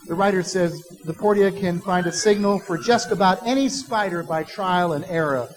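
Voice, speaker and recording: High-voiced man preaching a sermon. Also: moderate pace, low-quality recording. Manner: conversational preaching, personal asides, quoting imagined voices. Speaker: pastor.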